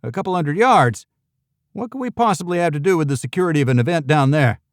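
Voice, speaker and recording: A fussy middle-aged yacht-club manager with a slight New England accent, talking prim and skeptical in a higher register, as a male narrator puts him on. The storybook read is dry and close, with no room sound at all. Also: expressive, quick pace, dry recording, close to an everyday voice.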